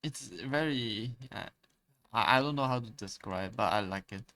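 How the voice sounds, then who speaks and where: A man's voice: on the low side, moderate pace, bright, forceful tone, no echo. A man streamer in casual live chat, talking hesitantly with stammers and restarts as he searches for words. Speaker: art streamer.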